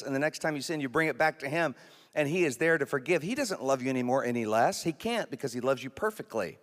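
Earnest preaching man in a reverberant hall. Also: mid-range voice. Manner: earnest, conversational preaching with restarts. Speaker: pastor. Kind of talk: sermon.

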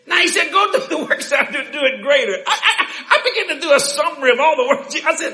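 A man preaching a sermon in a church, shouting, laughing and talking fast in bursts. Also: very high voice, huge pitch swings, some chatter behind. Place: church hall with congregation. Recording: echoey church hall.

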